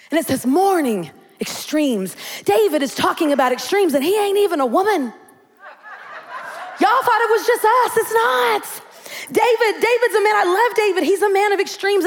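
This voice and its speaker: Woman pastor, high lively voice, playful sermon delivery in a reverberant church. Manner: animated, comic, acts out quotes. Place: church sanctuary. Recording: long hall reverb.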